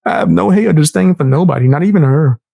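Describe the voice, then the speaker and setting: A man's voice: fast talker, vocal fry, no room sound, highs cut off. Brash, profane young man streamer. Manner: brash, profane trash talk with frequent laughs; animated, jumping sharply high when mocking. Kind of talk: casual stream commentary.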